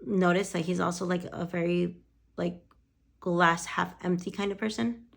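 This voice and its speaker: Gravelly-voiced woman gossiping. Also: lowish voice, steady tone, normal speed. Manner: chatty, quotes conversations with "I'm like", swears freely. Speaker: lash artist. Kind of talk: casual storytelling chat.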